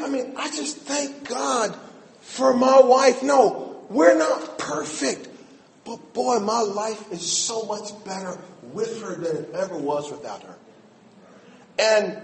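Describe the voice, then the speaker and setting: A middle-aged man preaching a sermon in a church, animated, swinging between shouts and quiet asides. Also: sits high, a little hiss or hum. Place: church sanctuary. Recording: echoey hall, mic at a distance.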